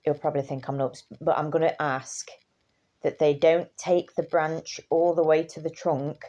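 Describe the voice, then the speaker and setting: Tired woman vlogging; low, dark, gravelly voice, loose and chatty. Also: level tone, moderate pace, dull audio. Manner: chatty, swears casually, trails off and restarts. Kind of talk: casual rambling chat.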